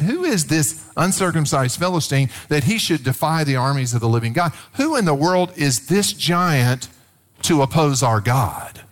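A middle-aged man, a pastor preaching a sermon, telling stories with playful acted quotes and emphatic swells. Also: mid-range voice.

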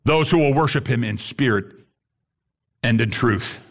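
Gravelly man preaching a sermon. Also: a little slow. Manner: preachy, rising to high-pitched emphatic bursts. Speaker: pastor.

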